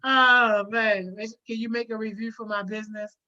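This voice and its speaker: A woman's voice: on the high side, fairly even intonation, moderate pace, bright, forceful tone. A woman hosting a casual livestream, reading viewer comments aloud, using lots of slang and often laughing. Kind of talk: casual live chat. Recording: dull lo-fi audio.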